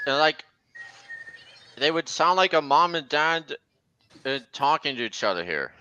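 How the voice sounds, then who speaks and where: A man's voice: fairly high pitch, very animated, a little slow, pushed and bright, clear, resonant tone, muffled recording. A man hosting a casual stream, chatting over video clips and pointing out details to his viewers. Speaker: stream host.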